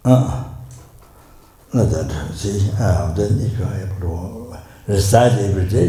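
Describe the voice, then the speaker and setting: An older man with a Tibetan accent giving a Buddhist teaching in English, halting with many fillers and repeated words, and suddenly loud for emphasis. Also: low voice. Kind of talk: Dharma teaching. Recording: echoey hall with faint noise.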